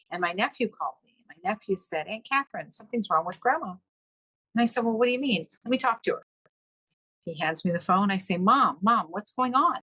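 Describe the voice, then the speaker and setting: A woman's voice: dry recording, rough recording. A middle-aged woman telling a personal story in a podcast interview, acting out the dialogue with sudden jumps in her voice. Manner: animated, acts out quoted dialogue with pitch leaps. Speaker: podcast guest. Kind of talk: emotional storytelling in conversation.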